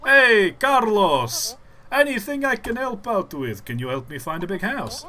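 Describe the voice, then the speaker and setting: A man doing a high, excited put-on accent for a cheerful village helper in a game. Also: measured pace, exaggerated voice. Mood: cheery.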